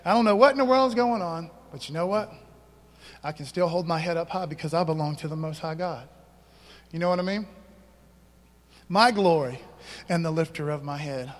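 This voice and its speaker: Male pastor, high voice, laid-back slangy sermon delivery, church hall with a long reverb tail. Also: normal speed, long pauses. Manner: casual, conversational preaching with slang and rhetorical questions.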